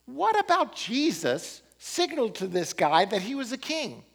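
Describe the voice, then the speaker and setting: Animated male pastor preaching. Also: very high-pitched, unhurried, vocal fry, husky. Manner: animated, rising and falling emphasis with occasional laughs. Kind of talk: sermon.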